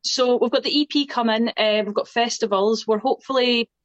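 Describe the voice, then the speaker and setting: A woman's voice: on the high side, steady tone, fairly quick, no echo, highs cut off. A young Scottish woman with a Scottish accent, chatting casually and self-deprecatingly as a singer-songwriter being interviewed. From Scotland.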